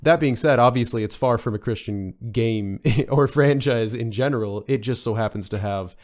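A man's voice: medium pitch, moderate pace, a little mellow. A man chatting as a podcast guest, rambling with many fillers and restarts. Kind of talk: casual podcast discussion.

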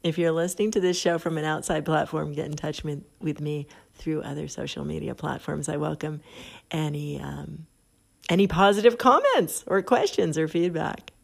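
A woman's voice: sits low, normal speed, vocal fry. A middle-aged woman hosting a podcast, chatting casually and reading an article aloud, often laughing at what she reads. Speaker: podcast host. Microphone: phone app.

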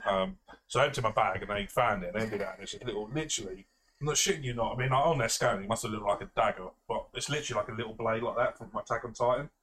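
A man's voice: lowish voice, racing, a little hiss or hum. A young man co-hosting a casual podcast, telling travel stories with lots of laughter and acted-out voices. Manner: animated storyteller, laughs often, acts out quoted voices. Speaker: podcast co-host. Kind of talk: casual chat, storytelling.

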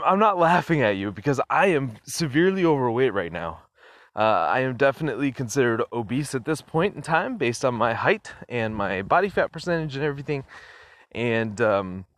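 A man's voice: mid-range voice, fairly bright tone, dry recording, clean studio sound. Rambling, chuckling male podcast host. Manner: rambling, chuckles often, lots of fillers. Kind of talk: casual solo podcast monologue. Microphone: phone.

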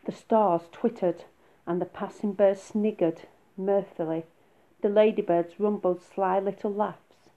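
A woman reading a children's story aloud in a soft, unhurried way. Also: mid-range voice, steady tone. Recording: phone-like narrow sound.

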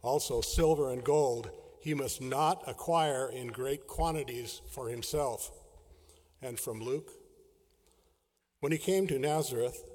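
A man's voice: mid-range voice, a little mellow. Man reading scripture in a reverberant hall. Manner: measured, deliberate reading. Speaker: scripture reader. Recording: large hall with long reverb.

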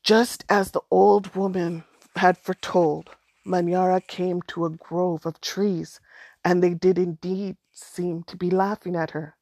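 Lady reading a folk tale out loud, dry close sound, steady storytelling. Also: fairly low pitch, measured pace, dry recording. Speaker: narrator. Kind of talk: storybook read-aloud.

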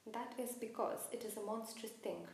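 A woman's voice: on the high side, normal speed, vocal fry, a little mellow. A woman doing a grave young centaur. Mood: solemn. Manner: solemn, earnest warnings. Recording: very echoey room, faint hiss.

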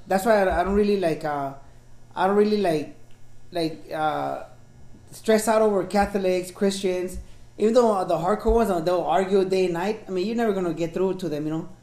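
A relaxed man co-hosting a podcast in casual chat, leaning on "you know," in a roomy room. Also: high-pitched, moderate pace. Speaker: podcast co-host.

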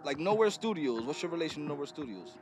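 Animated man telling stories, lively pitch. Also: quick pace, a little hiss or hum. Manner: animated storyteller, laughing, acting out voices. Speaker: podcast host. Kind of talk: casual chat.

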